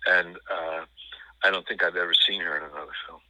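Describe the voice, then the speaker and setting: An older man with a New York accent, talking in an interview in a rambling, halting way with many fillers and restarts. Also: deep voice, steady tone, sharp tone, dry recording, rough recording. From New York City. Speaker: guest. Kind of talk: conversational interview.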